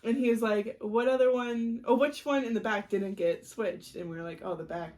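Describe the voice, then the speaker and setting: A woman's voice: fairly high pitch, moderate pace, darkish tone. Young woman, casual podcast storyteller, acts out quotes, laughs and swears. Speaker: podcast co-host.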